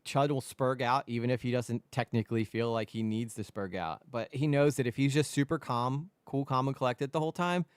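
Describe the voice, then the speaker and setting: A man hosting a casual commentary stream, rambling with restarts and sudden animated jumps in pitch. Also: clean tone, dry recording, clean studio sound. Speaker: host.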